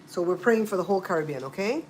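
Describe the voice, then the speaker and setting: In a low, expressive, slightly mellow voice, a Belizean woman talks fast while hosting a casual livestream. She chats with viewers, repeating and spelling out names, and there's a little hiss or hum.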